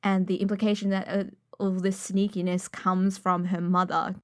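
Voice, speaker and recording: A woman's voice: medium pitch, little pitch movement, normal speed, dry recording, clean studio sound. A young adult woman chatting casually about recording a podfic, rambling and self-deprecating with lots of fillers. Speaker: podfic reader. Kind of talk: casual chat.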